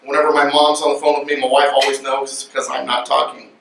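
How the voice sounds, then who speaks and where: A man speaking to an audience at a luncheon, animated and joking as he lectures. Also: mid-range voice, fast talker, gravelly. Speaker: guest speaker. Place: luncheon event room. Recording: echoey room from far off, faint noise.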